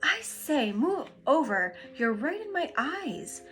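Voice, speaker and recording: A woman voicing a loud, bold baby boy who speaks forthrightly in a storybook reading. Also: high-pitched, sing-song, takes it slowly, soft background music, pitched above the performer's own voice, exaggerated voice. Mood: indignant.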